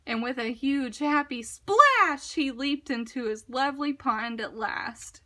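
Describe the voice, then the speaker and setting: A woman reading a children's picture book aloud in a gentle, expressive storytelling manner. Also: sits high, slow pace, hardly any pauses.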